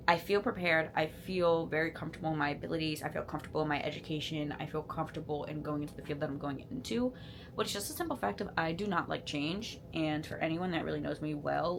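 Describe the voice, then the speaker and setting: A woman in her twenties rambling casually while doing her makeup at home, self-deprecating and animated. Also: sits low, slight background noise. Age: 20s. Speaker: beauty content creator. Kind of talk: casual get-ready-with-me chat.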